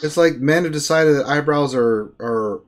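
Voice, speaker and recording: A man's voice: fairly high pitch, normal speed. A man hosting a casual live-stream chat, reacting to photos with sarcastic, mock-appalled comments. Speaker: show host.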